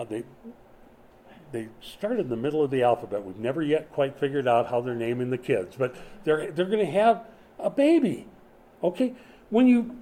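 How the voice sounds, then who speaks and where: Speaking in a warm voice that leans high, a pastor in his sixties delivers his sermon like a conversation, posing questions to the congregation. The setting is a small church where the power has gone out.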